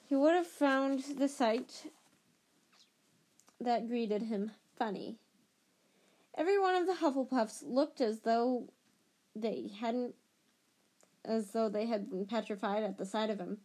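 Mellow woman reading a novel aloud. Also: on the high side. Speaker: reader.

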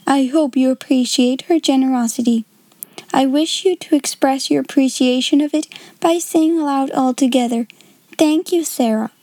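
A woman's voice: sits high, normal speed, a little mellow, dry recording, natural voice. A woman voicing a stern, prim middle-aged headmistress who speaks in cold, precise formal phrases.

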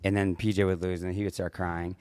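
A man hosting a podcast in relaxed, teasing casual chat. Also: low-pitched, fast, clean tone. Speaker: podcast host.

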